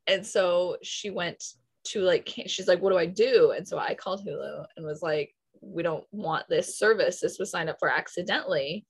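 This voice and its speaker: A young woman recounts a story in relaxed conversation, quoting what others said. Her voice is on the lower side and slightly husky. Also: normal speed, low-quality recording. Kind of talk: casual chat.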